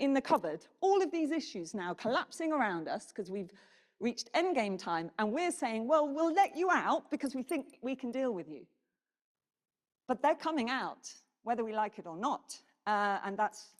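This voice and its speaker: A woman delivers a conference keynote with a lively, swooping voice that sits on the higher side. She keeps turning questions out to the audience. The sound carries a long reverb from the hall. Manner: animated, engages audience with questions. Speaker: keynote speaker. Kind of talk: conference presentation.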